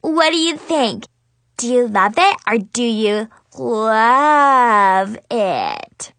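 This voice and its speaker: A woman's voice: on the high side, very animated, very slow, fairly bright tone, no echo, exaggerated voice. A woman voicing a bratty, cheeky little girl who stammers and pleads in a story reading.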